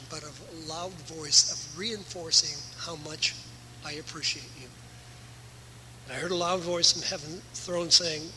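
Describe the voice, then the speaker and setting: A man's voice: a little high, bright, forceful tone, slight background noise, rough recording. A male pastor delivering an earnest, emphatic sermon in a church, his volume rising and falling. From USA.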